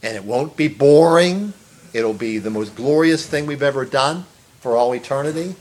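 A man's voice: mid-range voice, normal speed, a little mellow, slight background noise. A man preaching an earnest sermon, stressing phrases, repeating words and rising to exclamations. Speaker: pastor.

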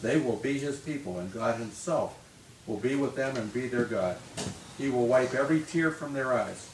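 A man from the congregation reading scripture aloud in a steady, measured way. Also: medium pitch, slight background noise. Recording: echoey room, distant mic, faint ambience.

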